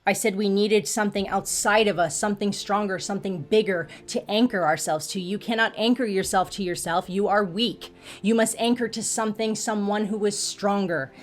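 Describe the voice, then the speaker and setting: A woman's voice: medium pitch, normal speed. Earnest woman on a faith-based self-help talk. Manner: earnest, emphatic, quotes scripture. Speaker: host.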